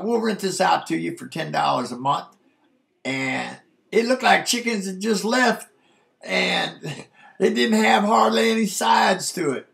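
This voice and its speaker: A man's voice: a little high, vocal fry, fairly bright tone. A man in his sixties recounting a youthful memory in a laid-back, casual way, often saying "man". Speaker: storyteller recalling his youth. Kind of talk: casual spoken memoir.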